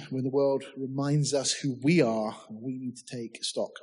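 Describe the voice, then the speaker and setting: Husky-voiced man preaching a sermon. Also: medium pitch, fairly even intonation, measured pace. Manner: preaches with humor and rhetorical questions; reads scripture aloud in old-fashioned wording. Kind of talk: sermon with Bible reading.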